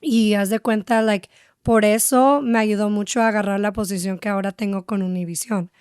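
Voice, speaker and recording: A woman's voice: medium pitch, steady tone, fast, a little mellow, smooth, no room sound, studio quality. A young woman speaking as a podcast guest and radio host, telling her story candidly and switching between English and Spanish. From San Diego. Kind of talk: casual interview chat.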